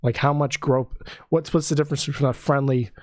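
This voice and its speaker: A man's voice: mid-range voice, a little fast, no room sound. A man co-hosting a podcast, chatting casually and sarcastically, telling stories with lots of energy and joking bits. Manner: joking, sarcastic, animated storytelling. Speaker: podcast co-host. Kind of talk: casual chat.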